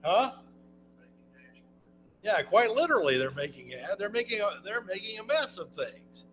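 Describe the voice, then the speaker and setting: A man's voice: high-pitched, very animated, moderate pace, fairly bright tone, soft background music, poor audio. A man preaching a Bible lesson in a folksy, conversational way, often restarting his sentences. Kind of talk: sermon, Bible class teaching.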